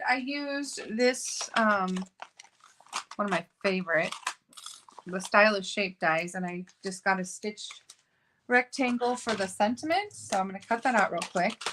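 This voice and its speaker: A woman with a medium-pitched voice hosts a card-making video, chatting casually and thinking out loud as she works. There's a little hiss or hum on the audio.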